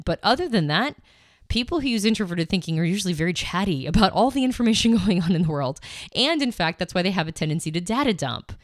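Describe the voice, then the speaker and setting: A woman's voice: on the low side, no room sound, clean studio sound. Woman explaining things on a podcast. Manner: explanatory, with fillers and restarts. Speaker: podcast co-host.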